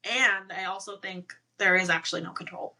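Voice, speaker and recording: A woman's voice: medium pitch, moderate pace. A woman guest on a casual podcast interview, telling stories animatedly with lots of "like" fillers and frequent laughs. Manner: animated storytelling, many "like" fillers, laughs often.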